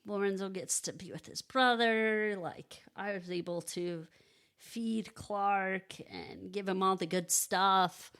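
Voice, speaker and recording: A woman's voice: medium pitch, fairly bright tone, clean tone. A woman in her thirties on a podcast, telling her own story casually, with many restarts and "like"s. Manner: halting, restarts, frequent "like" and "you know".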